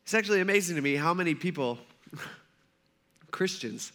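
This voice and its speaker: A man's voice: a little high, animated, moderate pace, pushed and bright. A man preaching a sermon as a pastor, telling the story casually and acting out the voices of the people in it. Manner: casual, conversational with fillers.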